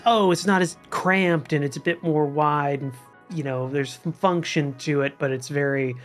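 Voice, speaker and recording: A man hosting a tabletop role-play session as its game master. His voice sits a little above the usual male pitch, and he talks in a relaxed way, circling back and restarting as he explains the setting.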